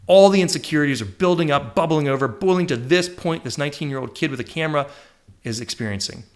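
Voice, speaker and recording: A man in his thirties hosting a podcast, telling a personal story with lively swings, jumping high when he acts out his younger self. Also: fast talker. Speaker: podcast host. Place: indoor room with a shelf.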